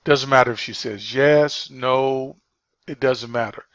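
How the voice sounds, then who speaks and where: A man's voice: medium pitch, unhurried, fairly bright tone, no echo. A man coaching new phone agents, stressing and repeating his points, with plenty of fillers. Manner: emphatic, repeats key points, many fillers. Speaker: sales trainer. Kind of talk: spoken training walkthrough. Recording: dull lo-fi dry recording.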